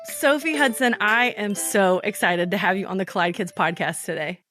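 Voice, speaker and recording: A woman's voice: mid-range voice, fairly bright tone, soft background music. A woman with a Southern American accent, hosting a kids' podcast and interviewing a guest in an upbeat, encouraging way. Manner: upbeat, encouraging, quick to laugh. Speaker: podcast host.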